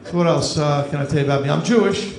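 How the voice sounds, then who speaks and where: A man's voice: on the high side, fast, over a noisy crowd. A man in his fifties from New Jersey, doing a stand-up comedy set with dry, self-deprecating delivery on a club stage. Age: 50s. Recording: echoey club room, audience noise.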